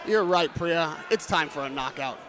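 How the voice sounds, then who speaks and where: A man's voice: a little high, normal speed. A man giving live ringside boxing analysis, articulate and analytical. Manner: articulate, analytical, laughs easily. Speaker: boxing pundit. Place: boxing arena. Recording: loud arena crowd behind. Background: arena crowd.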